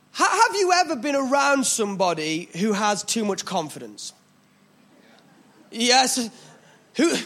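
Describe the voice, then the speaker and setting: A man's voice: very high voice, a bit bright. A young man with a British English accent preaching a sermon from a church stage in a chatty, joking, self-deprecating way.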